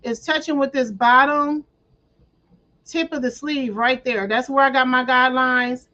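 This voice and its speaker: A woman with a high voice hosts a casual screen-share craft tutorial. She chats her viewers through each click with playful slang and clears her throat often. The audio is dull and lo-fi. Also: fairly even intonation, measured pace, pushed and bright.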